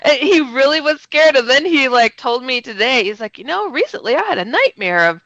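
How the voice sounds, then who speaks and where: Her voice sitting high and a little fast, this radio co-host tells animated stories in casual on-air chat, laughing frequently and acting out dialogue in different voices. There's no echo, but the recording is muffled.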